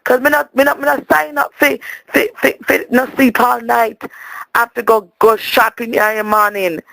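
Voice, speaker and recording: A man's voice: very high voice, level tone, normal speed, gravelly, bright, forceful tone, dry recording, exaggerated voice, poor audio. A man voicing a chatty, indignant Jamaican woman leaving a voicemail, rambling and stammering as she complains. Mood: exasperated. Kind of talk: comic monologue as a voicemail.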